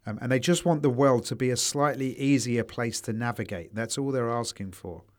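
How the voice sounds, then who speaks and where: Sweary, jokey bloke telling stories. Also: male voice, medium pitch, moderate pace. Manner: anecdotal storytelling, sweary and jokey. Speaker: podcast co-host. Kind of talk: casual chat.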